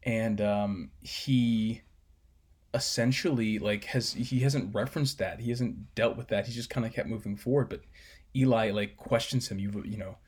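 Low, husky man talking film. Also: fairly even intonation, normal speed, a little mellow. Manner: rambling, many fillers, casual swearing. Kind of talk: casual film discussion.

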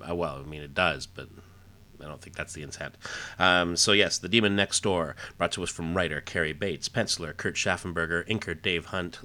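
Deep-voiced man rambling casually. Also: sharp tone. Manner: rambling, lots of fillers. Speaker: podcast host. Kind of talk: casual comic book recap.

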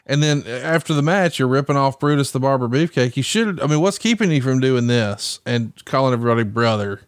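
A man with a middle-pitched voice leads the chat, asking questions and ribbing his co-host. His voice is recorded dry and close, with no room sound. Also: animated, fairly quick, smooth, no echo. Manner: teasing, chatty questioner. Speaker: podcast co-host, interviewer. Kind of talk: casual interview chat.

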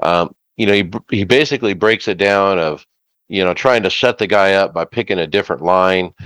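Deep smooth man on a dry mic. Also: a little fast, fairly bright tone, no echo, rough recording. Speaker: podcast co-host. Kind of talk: casual chat.

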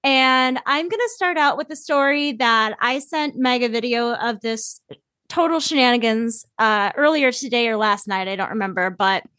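A woman hosting a podcast in casual chat, chatty and animated, laughing often and swearing casually. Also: a little high, normal speed, no echo. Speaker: podcast host.

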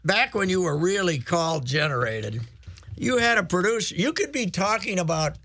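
A man's voice: high voice, lively intonation, moderate pace, a bit bright, no room sound. A man hosting a sports talk radio show, joking and laughing in casual studio banter.

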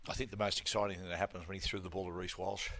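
A man's voice: deep voice, rapid-fire, no echo. A man with an Australian accent, co-hosting a sports radio show and telling stories in blokey banter. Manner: animated storyteller, blokey banter. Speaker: radio co-host.

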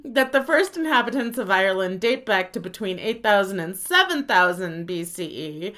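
A woman's voice: medium pitch, very animated, normal speed, bright, forceful tone. A woman co-hosting a podcast, easygoing and joking as she shares facts. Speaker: podcast co-host. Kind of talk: casual podcast chat.

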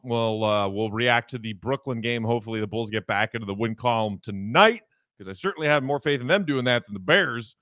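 A man hosting a solo sports podcast, talking in an animated, opinionated way with frequent restarts. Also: mid-range voice, dry recording. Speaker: podcast host.

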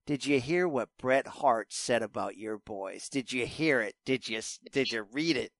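A man's voice: medium pitch, animated, normal speed, no room sound. A man co-hosts a podcast in a studio, ribbing his guest with crude, teasing jokes. His voice sits mid-range, and the recording is dry and close. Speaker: podcast co-host. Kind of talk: casual podcast chat.

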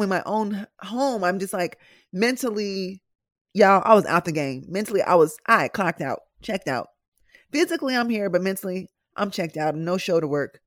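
A woman's voice: medium pitch, normal speed, dry recording, studio quality. A middle-aged woman hosting a podcast, talking candidly and directly to her listeners in a chatty personal style. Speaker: podcast host and nurse.

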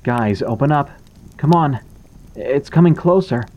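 A man voicing a panicked teenage boy locked outside at night, pleading and shouting to be let in. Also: mid-range voice, animated, measured pace, muffled recording, voice pushed up. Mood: scared.

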